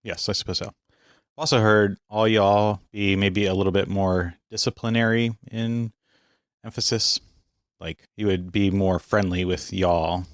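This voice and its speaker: A man co-hosting a podcast, talking casually in a measured, teasing way and asking questions. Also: lowish voice, steady tone, no echo, studio quality. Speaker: podcast co-host. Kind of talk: casual chat.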